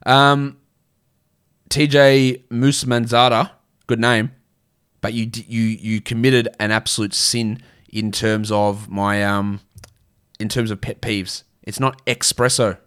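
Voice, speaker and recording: A man's voice: on the low side, level tone, slow pace, fairly bright tone, clean tone. Chatty Australian man hosting a livestream. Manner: chatty, blunt, frequent restarts and fillers. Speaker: fantasy basketball livestream host. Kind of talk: casual livestream chat answering viewer questions.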